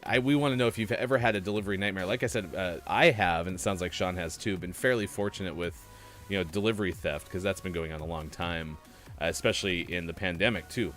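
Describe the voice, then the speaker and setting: A man's voice: deep voice, a little fast, a bit bright, soft background music. A man hosting a gaming morning show, chatting casually and reading news items while playing a game. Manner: rambling, reads out news items between gameplay remarks.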